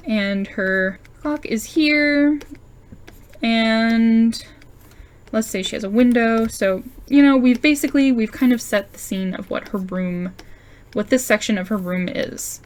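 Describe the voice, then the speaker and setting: A woman's voice: on the high side, a little slow. Chatty woman teaching comic layout. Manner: chatty, explains while sketching, many fillers. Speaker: comic art tutor. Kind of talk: casual drawing tutorial.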